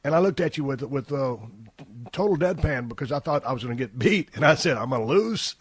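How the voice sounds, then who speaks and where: A man telling rough, profane, animated stories in a casual podcast chat. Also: mid-range voice, brisk, dry recording. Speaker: podcast host. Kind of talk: casual storytelling conversation.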